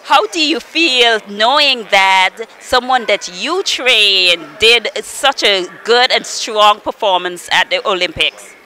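A woman's voice: medium pitch, slow pace, few pauses, sharp tone, low-quality recording. A woman working as a TV interviewer on location at an airport, upbeat and friendly, laughing often. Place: airport arrivals area.

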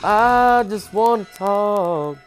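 Slow-talking jokey gamer man. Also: soft background music. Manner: jokey, talks to the game character, repeats silly chants; swings from low mutters to loud startled yelps. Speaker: gamer playing a horror game. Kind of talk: casual let's-play commentary.

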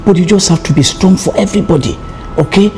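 A man's voice: high voice, quick pace, a little mellow, faint music behind, lightly acted. An actor playing a male union colleague who comforts and reassures a detained friend. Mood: reassuring. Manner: earnest, comforting.

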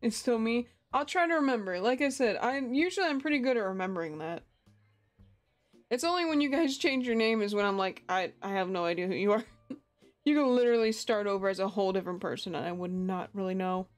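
A woman's voice: fairly high pitch, lively intonation, brisk, faint music behind. A young woman streamer chatting casually with her viewers, giggling and laughing often. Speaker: game streamer. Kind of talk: casual live-stream chat.

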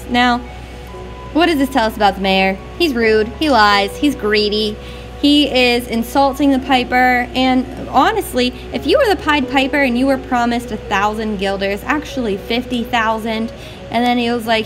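A woman teacher annotating a poem for her class in a lively, chatty way, asking questions as she goes. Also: on the high side, moderate pace, faint music behind, low-quality recording.

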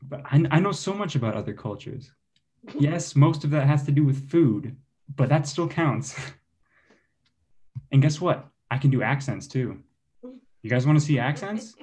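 A man's voice: mid-range voice, animated, normal speed, pauses often, darkish tone. A young man doing a self-deprecating stand-up comedy set for an online show, chuckling between his jokes. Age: young adult. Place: online show, home setup.

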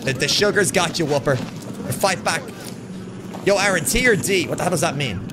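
A man's voice: fairly high pitch, lively intonation, normal speed, noisy background. A man with an Irish accent, live-streaming a shooter game and joking and swearing as he reads chat aloud. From Ireland. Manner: loud, joking, swears freely, shouts at the game.

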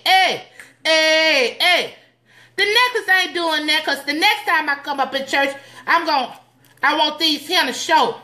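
A woman's voice: high voice, pushed and bright. A woman giving playful, sassy, preachy advice in a comedic skit, recorded indoors at home. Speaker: comedic church advice host.

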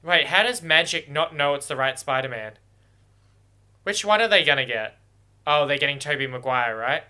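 A man's voice: fairly high pitch, animated, normal speed, pushed and bright. A man thinking aloud as he watches a film for the first time, emotional and exclaiming. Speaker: movie reactor. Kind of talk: first-watch movie reaction commentary.

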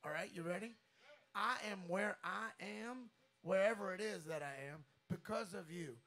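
Bright, high-voiced man, earnest and halting. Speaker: drummer, guest on stage. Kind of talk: onstage tribute speech. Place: live music bar stage. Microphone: handheld stage mic.

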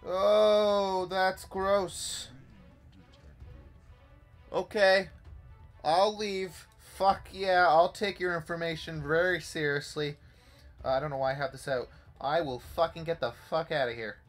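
A young man commentating a horror game playthrough, swearing a lot and swinging from hushed muttering to panicked yelps. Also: on the high side, fairly even intonation, moderate pace, soft background music. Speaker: gaming YouTuber.

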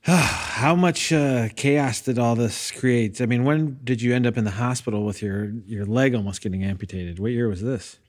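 A man's voice: mid-range voice, moderate pace, hardly any pauses. A man hosting an interview, who reacts briefly and asks follow-up questions. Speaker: interview host. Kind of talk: conversational interview.

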